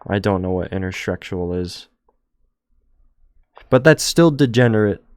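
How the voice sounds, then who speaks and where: A man's voice: fairly low pitch, lively intonation, a little slow, darkish tone, no echo, studio quality. A young man streamer rambling casually and jokingly, trailing off now and then. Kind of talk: casual chat over travel photos.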